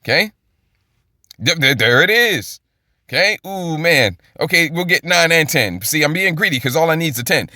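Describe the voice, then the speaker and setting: A man's voice: a little high, expressive, normal speed, pushed and bright, no room sound, studio quality. A man teaching the Bible in an informal, rambling way, repeating words and checking in with "okay?" often. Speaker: preacher.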